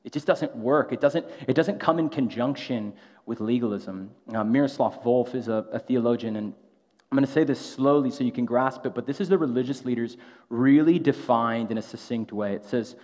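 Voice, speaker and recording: A man's voice: mid-range voice, normal speed, darkish tone. A man preaching a sermon in a casual, conversational way, often tossing in a rhetorical "right?". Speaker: pastor. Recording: long hall reverb, dull lo-fi sound.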